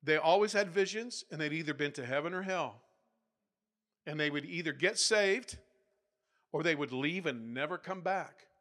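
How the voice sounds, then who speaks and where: A man preaching a sermon, telling revival stories and building up to loud, emphatic peaks before settling back down. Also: fairly high pitch, moderate pace. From United States. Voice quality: not soft-spoken. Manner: storytelling, builds to loud emphatic peaks, laughs between points. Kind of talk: sermon storytelling.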